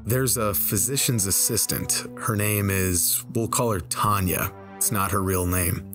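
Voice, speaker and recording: A man telling a personal story in a relaxed, conversational way over gameplay, slowing down for the tense moments. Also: fairly low pitch, music in the background. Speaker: storyteller and game video creator. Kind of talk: casual spoken storytelling. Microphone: desk microphone.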